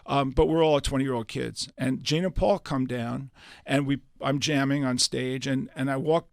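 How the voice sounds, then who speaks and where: A man's voice: medium pitch, normal speed, vocal fry, no echo, clean studio sound. An older man, a radio interview guest who tells stories animatedly and acts out the dialogue. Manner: animated storyteller acting out quoted dialogue. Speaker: guest musician. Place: radio studio.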